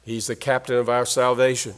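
A man's voice: medium pitch, little pitch movement, a little fast, smooth. A man preaching a sermon in an earnest, emphatic way, leaning hard on key phrases. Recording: long hall reverb.

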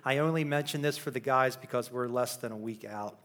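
A man's voice: mid-range voice, a little fast, fairly bright tone. A man speaking as a youth pastor in church, recapping a weekend retreat with upbeat stories and rousing questions to the congregation. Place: church sanctuary.

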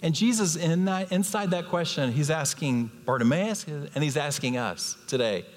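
Animated man preaching in an echoing church. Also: a little high, moderate pace. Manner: animated, acts out the people he quotes. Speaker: guest preacher. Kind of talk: sermon. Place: church sanctuary.

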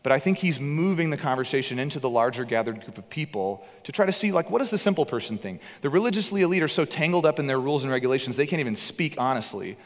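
A man preaching a sermon with earnest emphasis, his voice swinging between loud and hushed. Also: mid-range voice, animated, fast, few pauses, big-room sound. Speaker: pastor.

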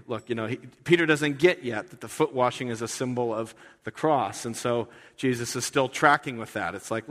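A male pastor preaches in a loose, conversational style, restarting his sentences as he searches for words. His voice sits at a middle pitch, and the long reverb of a church hall trails after him. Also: brisk, few pauses, a bit bright. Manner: conversational and earnest, with frequent restarts. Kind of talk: sermon.

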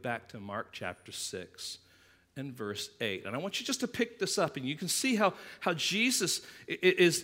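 A man preaching a sermon, animated, acting out the disciples' voices as he reads the passage. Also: a little high. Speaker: pastor.

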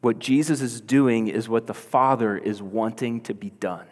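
A man's voice: medium pitch, normal speed. A man preaching a sermon as pastor, earnest and building to emphatic, insistent peaks. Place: church hall. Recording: long hall reverb.

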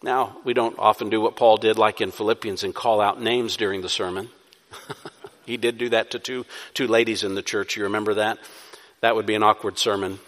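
A man's voice: lowish voice, little pitch movement, a little fast, fairly bright tone. A man preaching a sermon, building to emphatic peaks and then easing back into a conversational tone. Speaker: pastor. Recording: long reverb of a hall.

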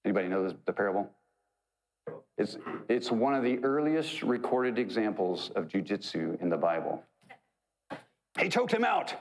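A man's voice: lowish voice, lively intonation, normal speed, a little mellow, poor audio. A man preaching a sermon, retelling a parable in a conversational, joking way. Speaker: pastor.

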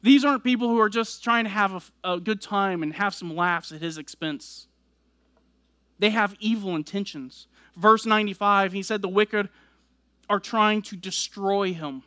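A man's voice: high voice, normal speed, pushed and bright, no room sound, studio quality. A man preaching a sermon, explaining scripture verse by verse and building emphasis as he goes. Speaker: pastor.

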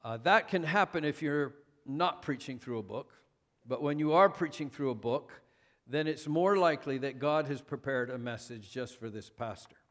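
A man's voice: mid-range voice, moderate pace, a bit bright. A man preaching a sermon as pastor, conversational and self-deprecating, with frequent fillers.

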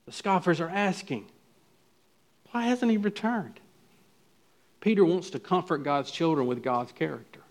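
A man with a fairly high voice preaching to his congregation. He drops to near-hushed lines, then climbs into loud, urgent questions. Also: expressive, a little slow, pauses often. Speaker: pastor. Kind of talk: sermon.

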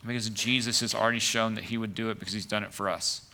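Bright-voiced man preaching a sermon. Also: fairly low pitch, fairly even intonation, fast talker, slight background noise. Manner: conversational preaching with many "like" and "right" asides. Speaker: pastor.

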